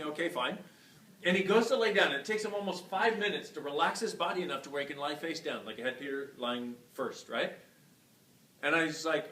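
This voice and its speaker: A man giving a live talk to a class, telling a story in an animated way, swearing freely and acting out the people he quotes. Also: on the high side, fast talker. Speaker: workshop facilitator. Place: class venue hall. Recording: echoey room from far off with faint noise.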